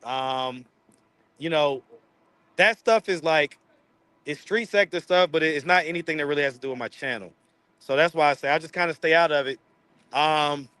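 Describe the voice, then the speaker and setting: Man, bright tone, dry close sound, rambling casual stream talk. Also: a little high, normal speed, pauses often, clean tone, no room sound. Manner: rambling, teasing, laughs often. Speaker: street interview channel host. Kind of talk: casual livestream chat.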